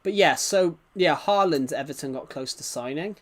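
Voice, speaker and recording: A man's voice: on the high side, normal speed. A man with an English-Welsh border accent, chatting casually on a livestream, rambling and answering viewers' comments.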